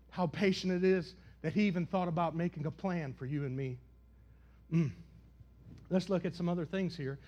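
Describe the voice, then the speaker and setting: A middle-aged man preaches a sermon in a high voice. He swings from loud, high cries down to low, quiet asides. He keeps putting questions to the congregation. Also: normal speed. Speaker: pastor.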